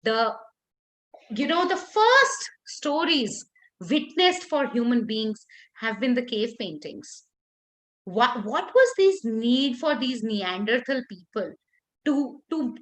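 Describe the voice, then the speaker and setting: A woman leading a workshop for teachers, talking expressively with lively intonation and frequent restarts. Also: fairly high pitch, slow pace. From India.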